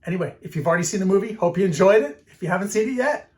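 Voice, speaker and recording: A man's voice: sits high, expressive, racing, a little mellow. A man in his fifties answering fan questions in a casual, rambling way, full of fillers and restarts. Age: 50s. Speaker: film music director answering fan questions.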